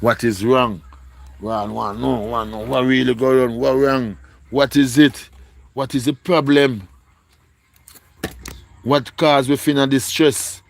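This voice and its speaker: A man's voice: medium pitch, steady tone, takes it slowly, vocal fry, long pauses. A man with a Jamaican accent, pleading and repeating himself as he speaks emotionally to viewers on a live stream. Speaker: livestreamer.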